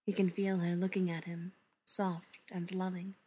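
A woman reading a story aloud, softly and unhurriedly, often dropping to a hush. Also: lowish voice, flat delivery, slightly rough. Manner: soft, unhurried, often hushed. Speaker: reader. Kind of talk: storybook narration read aloud.

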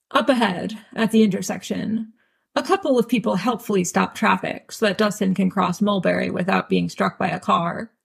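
A woman's voice: medium pitch, vocal fry, breathy edge. A woman reading a fan audiobook aloud with wry, dry storytelling. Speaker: audiobook reader.

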